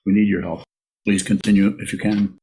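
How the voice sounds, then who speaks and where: Gravelly low-voiced man. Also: level tone, fairly quick, mellow, slight background noise, low-quality recording. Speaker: announcer thanking the audience.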